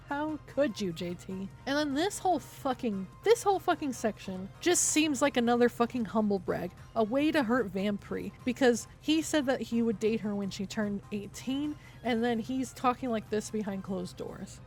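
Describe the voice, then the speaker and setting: A woman's voice: on the high side, animated, moderate pace, a little mellow, soft background music. Profane, sarcastic woman streamer. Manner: heated, profane, sarcastic, with frequent laughs. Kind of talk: livestream commentary reacting to a document.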